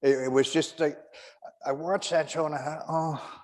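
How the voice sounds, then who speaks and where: A man's voice: fairly high pitch, fairly even intonation, darkish tone, big-room sound. Canadian man doing stand-up over a video call. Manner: chatty, self-mocking, quick banter. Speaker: stand-up comedian hosting an online show.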